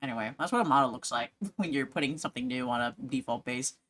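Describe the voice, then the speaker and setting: A woman streamer chats casually while drawing, rambling, giggling often, and poking fun at herself. Her voice is very deep and fast with a fairly bright tone.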